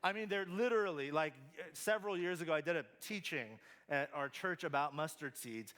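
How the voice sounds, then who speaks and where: A man's voice: fairly high pitch, a little fast, fairly bright tone. A man giving a sermon as a pastor, talking in a loose, conversational way with many filler words and turning emphatic at key points.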